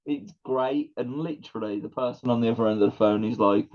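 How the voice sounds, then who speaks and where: Guy on a podcast, laughs a lot, does the voices, mellow tone, kinda muffled audio. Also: mid-range voice, normal speed. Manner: animated storyteller, laughing, acting out quotes. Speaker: podcast co-host. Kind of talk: casual chat. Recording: dull lo-fi sound.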